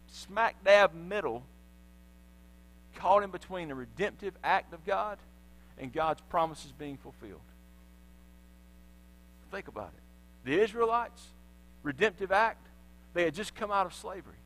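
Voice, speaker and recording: A man's voice: high-pitched, lively intonation, a little slow, long pauses, sharp tone, rough recording. A man preaching a sermon in church, telling the story animatedly and acting out the voices of the people in it. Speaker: pastor. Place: church sanctuary.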